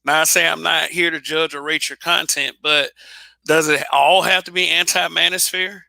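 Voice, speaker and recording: A man holds forth alone in a blunt, casual monologue, swearing freely and tripping over restarts. His voice sits a little high and rings very bright, and the recording is dry and close. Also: fairly even intonation, normal speed, vocal fry, no echo. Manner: blunt, repetitive restarts, profane. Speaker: channel host.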